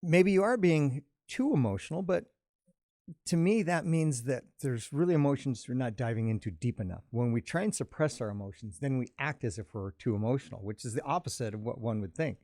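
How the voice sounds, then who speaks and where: Calm, warm-voiced man explaining feelings. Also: medium pitch, a little fast, dry recording, clean studio sound. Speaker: podcast host. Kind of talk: reflective conversation about emotions.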